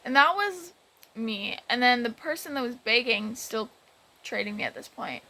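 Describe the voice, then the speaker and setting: A woman's voice: fairly high pitch, animated, moderate pace, sharp tone, rough recording. A woman vlogger retelling a game story in a rambling, exasperated way, with many restarts. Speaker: gaming vlogger. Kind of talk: casual storytelling about a game.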